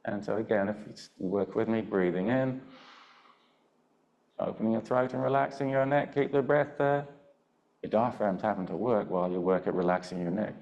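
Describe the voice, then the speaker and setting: An older man with a fairly low voice leads a Pilates class over a video call. He talks in an easy, gentle way, cueing each breath and movement and pausing to check that his students are keeping up. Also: lo-fi sound. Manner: calm, gentle cueing with frequent check-ins. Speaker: Pilates instructor. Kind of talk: live online class instruction.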